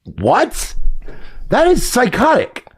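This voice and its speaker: A man's voice: very high voice, wildly swooping pitch, takes it slowly, slightly rough. A man in a played clip, speaking in an indignant, sarcastic and profane way. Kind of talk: clip of a podcast rant.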